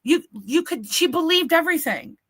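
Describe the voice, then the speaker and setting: A middle-aged woman co-hosting a podcast, telling a family story in an animated, swearing way and acting out the quotes. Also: extremely high pitch, moderate pace, dry recording. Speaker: podcast co-host. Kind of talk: casual storytelling chat. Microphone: podcast mic, remote stream.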